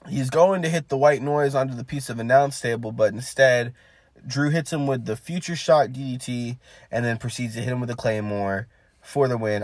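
A man's voice: mid-range voice, dry recording. Rambling man recapping a match. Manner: rambling play-by-play with many "um"s. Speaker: podcast co-host.

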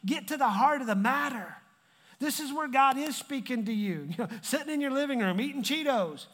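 A man's voice: very high voice, lively intonation, brisk, fairly bright tone. A male pastor delivering a sermon in a conversational way, repeating phrases for emphasis. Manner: conversational preaching with emphatic repetition. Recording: long hall reverb.

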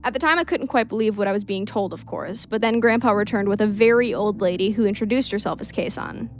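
A woman narrates a spooky first-person tale in an even, mid-pitched voice. She keeps a steady storytelling pace and drops into relaxed asides now and then. Soft music plays quietly underneath. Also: fast. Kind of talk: reading a creepy story aloud.

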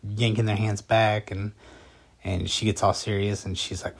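A man with a fairly low voice tells a personal story in a loose, conversational way. He talks in a calm, matter-of-fact tone and often circles back with fillers and restarts. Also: moderate pace, vocal fry. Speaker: vlogger recounting a personal story.

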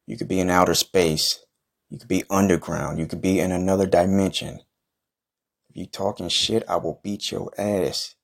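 Low-voiced guy talking trash, loud and cocky, cussing nonstop in a comedy rant. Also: fairly even intonation, moderate pace, creaky. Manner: brash, profane, boastful trash-talking. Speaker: podcast host in a comic wrestler persona. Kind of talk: comedic trash-talk monologue.

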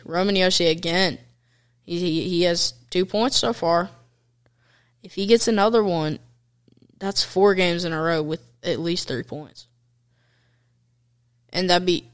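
Over hockey highlights, a young man gives chatty, fan-like commentary full of excitement, fillers, and slang. His tone is clear and resonant.

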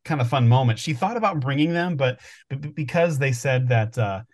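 A man's voice: mid-range voice, animated, a little fast. A man co-hosting a podcast, telling stories in a rambling, thinking-aloud way during casual chat. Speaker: podcast co-host.

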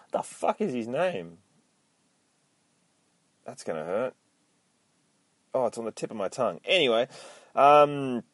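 A man's voice: low-pitched, no echo. A man hosting a casual comic book recap podcast, rambling, swearing a lot and mocking himself. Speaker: podcast host.

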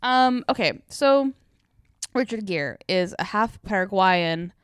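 A woman's voice: medium pitch, expressive, slow, smooth, no room sound, studio quality. A young woman co-hosting a podcast, rambling playfully about a movie. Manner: rambling, playful, full of fillers. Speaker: podcast co-host. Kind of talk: casual movie review chat.

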